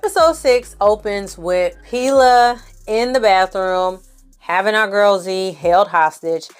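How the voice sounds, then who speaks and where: A woman's voice: medium pitch, takes it slowly, clear, resonant tone, faint music behind. A woman recapping a TV series in a casual, opinionated and slangy way. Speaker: film and TV recap reviewer. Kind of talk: casual review chat.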